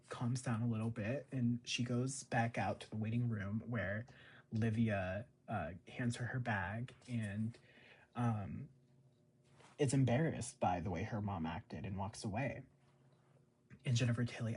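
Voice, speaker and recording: Husky guy rambling thru a tv episode recap, lots of likes and ums. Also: medium pitch, darkish tone. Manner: rambling, filler-heavy, chuckles often. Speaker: show recap host.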